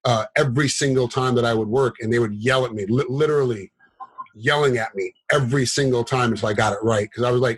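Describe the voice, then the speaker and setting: A middle-aged man with a husky, slightly breathy voice and a mid-range pitch, talking as an interview guest. He tells rambling, animated stories with plenty of fillers and restarts, jumping into quotes with a raised voice. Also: quick pace, low-quality recording. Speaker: guest, former fighter turned commentator and referee. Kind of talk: casual interview storytelling.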